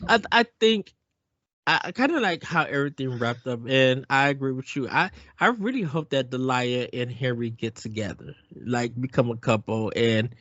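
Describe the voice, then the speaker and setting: A man's voice: medium pitch, expressive, a bit bright, no echo, highs cut off. A man hosting a casual podcast discussion, often restarting his sentences and repeating words as he thinks aloud. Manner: halting, repeats words when starting thoughts. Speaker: podcast host.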